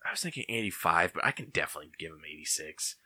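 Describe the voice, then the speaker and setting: This low-voiced man talks rapid-fire with an expressive, sharp tone, captured at studio quality with no echo. Co-hosting a podcast, he keeps things laid-back and rambling, laughing a lot during the casual chat.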